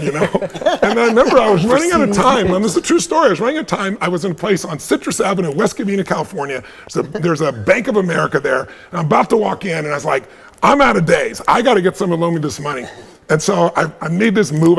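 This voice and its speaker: A man in his fifties with a raspy voice, telling a story during a live webinar and acting out the dialogue with intensity. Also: high voice. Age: 50s. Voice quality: raspy, gravelly. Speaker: guest speaker.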